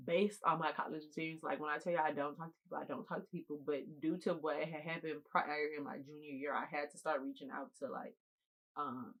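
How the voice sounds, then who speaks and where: A woman's voice: deep voice, fairly bright tone, poor audio. Emphatic young woman telling a storytime. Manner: emphatic, repeats phrases for stress, talks straight to viewers; eating while talking. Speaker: storytime vlogger. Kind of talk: casual storytime chat.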